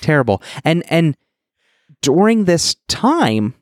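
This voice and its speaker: A man's voice: on the high side, very animated, slow pace, dry recording, clean studio sound. A man co-hosting a podcast, recapping a movie in rambling, wry casual chat. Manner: rambling, many fillers and restarts, wry. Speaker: podcast co-host.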